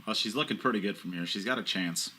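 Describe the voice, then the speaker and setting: A man co-commentating on a pool match, laid-back and quick to joke. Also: fairly low pitch, background noise. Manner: laid-back, jokey, laughs easily. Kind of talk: live sports commentary with banter.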